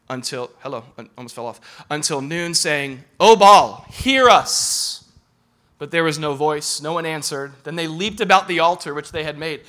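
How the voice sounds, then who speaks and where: A man preaching a sermon in an animated, humorous and emphatic way. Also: a little high. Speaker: pastor.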